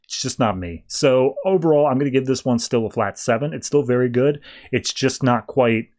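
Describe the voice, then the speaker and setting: A man hosting a podcast, recapping comics in a relaxed, rambling way with many fillers. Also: mid-range voice, normal speed. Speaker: podcast host. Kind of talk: casual comic book recap.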